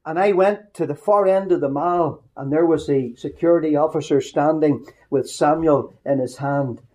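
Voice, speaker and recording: Middle-aged northern irish man preaching with funny stories, higher voice but warm and mellow. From Northern Ireland. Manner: humorous anecdotal storytelling, quick asides. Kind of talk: storytelling sermon.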